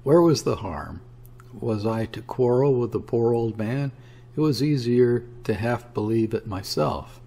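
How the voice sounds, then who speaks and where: Man putting on a timid young woman, nervous, pleading, husky, storybook. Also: medium pitch, a little slow, mellow. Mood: anxious. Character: anxious young woman, timid and tender-hearted.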